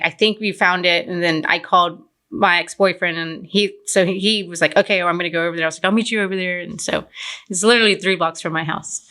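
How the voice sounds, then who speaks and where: A young woman from Fort Worth, Texas, being interviewed about her business and telling stories in a chatty way, full of "like" fillers. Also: lowish voice. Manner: chatty, lots of "like" fillers, animated retelling. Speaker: entrepreneur guest. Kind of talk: casual interview storytelling.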